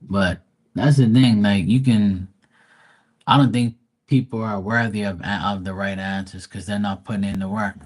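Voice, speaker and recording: A man's voice: on the low side, fairly even intonation, normal speed. A man hosting a live tarot and mediumship stream, speaking bluntly and profanely, rambling with frequent restarts. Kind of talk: casual live stream talk.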